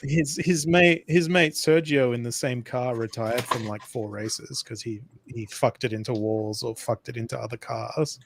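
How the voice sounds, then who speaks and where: A man's voice: medium pitch, steady tone, moderate pace, gravelly, few pauses, background noise. An Australian man with an Australian accent, joking irreverently in casual chat. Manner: joking, irreverent, laughs a lot.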